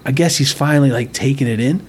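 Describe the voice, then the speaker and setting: A man's voice: medium pitch, fast talker, darkish tone, slight background noise. A man narrating a story in a casual, slangy first-person way, rambling and constantly tagging lines with "right?". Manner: rambling, filler-heavy, keeps asking "right?". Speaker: reader, narrator.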